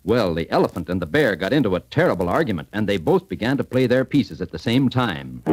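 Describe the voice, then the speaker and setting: A man narrating a children's storybook record in an animated, storytelling manner. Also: on the low side, a little fast, few pauses, slightly rough, faint music behind.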